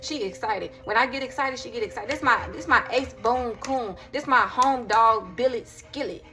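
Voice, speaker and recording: Sassy, bright-voiced woman preaching casually. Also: a little high, moderate pace, hardly any pauses, faint music behind. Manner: sassy, animated preaching, talks to her dog. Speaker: faith vlogger. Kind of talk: casual devotional talk.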